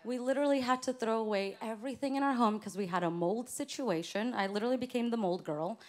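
A woman's voice: on the high side, fast talker. A woman giving an earnest, encouraging personal testimony at a church women's gathering. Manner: earnest, encouraging, faith-filled declarations. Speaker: women's conference speaker. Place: church stage before a live audience.

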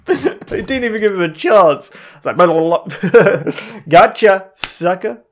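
An excitable gaming channel host does let's play commentary, laughing often and talking to himself or herself. The voice is medium-pitched and slow, with a slight hiss or hum, and game music plays underneath.

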